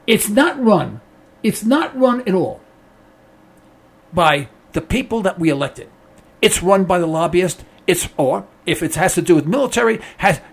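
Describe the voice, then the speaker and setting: A man with a very high, gravelly voice rants bluntly and sarcastically. His pitch swings widely as he repeats his points with emphasis. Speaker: political commentator. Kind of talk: ranting monologue.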